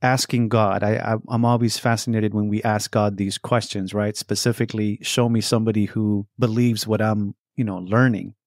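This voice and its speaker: A man's voice: fairly low pitch, flat delivery, moderate pace, few pauses, dry recording, clean studio sound. A man hosting a faith podcast, asking follow-up questions and giving short affirmations. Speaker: podcast host. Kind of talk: interview conversation.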